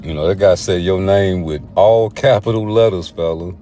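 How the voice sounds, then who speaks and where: A man's voice: deep voice, moderate pace, mellow, soft background music. A man giving a blunt, profane, heated boxing rant in a casual commentary style.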